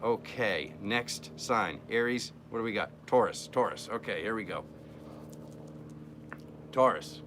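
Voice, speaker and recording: A man's voice: on the low side, animated, a little slow, pauses often, fairly bright tone, slight background noise. A man hosting a live-streamed tarot reading, chatting playfully and joking with his viewers as he works through the cards.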